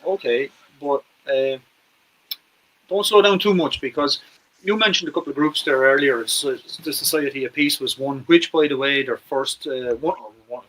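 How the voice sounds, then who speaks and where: A man's voice: medium pitch, normal speed, a bit bright, slight background noise, low-quality recording. Earnest Irish man hosting a podcast. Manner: earnest and persuasive, repeats words when stressing a point. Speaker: podcast host. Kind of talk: conversational interview.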